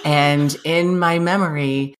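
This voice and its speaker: A woman in her thirties telling a funny personal story in casual chat, animated and self-mocking, laughing often. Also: low voice, takes it slowly.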